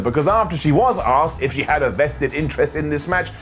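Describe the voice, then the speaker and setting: A man's voice: fairly high pitch, sing-song, a little fast, few pauses, slightly rough. A man reviewing a wrestling show in a comedic, sarcastic recap monologue. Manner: sarcastic, jokey, mocking asides.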